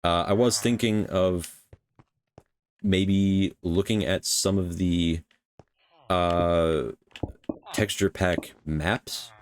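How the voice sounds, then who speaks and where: A man's voice: sits low, extremely slow, long pauses, a little hiss or hum. A man casually commenting on his building game for his own channel, rambling with many fillers and restarts. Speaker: gaming channel host.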